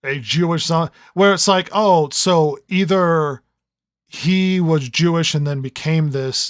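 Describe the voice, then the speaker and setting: A man's voice: mid-range voice, no echo, clean studio sound. A man co-hosting a podcast review in casual chat, rambling and riffing with lots of stammered restarts. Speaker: podcast co-host.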